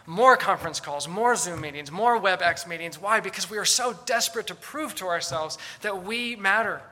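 Bright, high-voiced male preacher. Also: normal speed, few pauses. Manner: earnest, emphatic, with rhetorical questions. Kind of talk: sermon.

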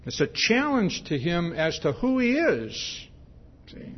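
A man preaching with a husky, slightly raised voice and a pitch that swings up and down as he talks. He explains scripture in a chatty way, breaking off with little "see?" asides. The recording sounds dull and lo-fi. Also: sing-song, takes it slowly. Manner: conversational, with frequent "see?" asides and restarts. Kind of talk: expository sermon.

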